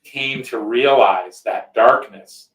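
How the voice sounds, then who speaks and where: A man's voice: medium pitch, takes it slowly, fairly bright tone, far from the mic. A male podcast host telling a personal story in casual conversation, rambling a bit and often checking in with "right?". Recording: roomy echo.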